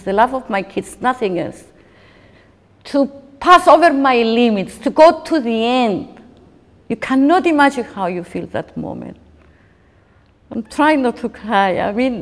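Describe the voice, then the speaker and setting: Emotional woman in her fifties, reverberant hall. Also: on the high side. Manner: halting, emotional retelling with frequent restarts. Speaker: interviewee recounting a personal ordeal. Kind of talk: documentary interview testimony.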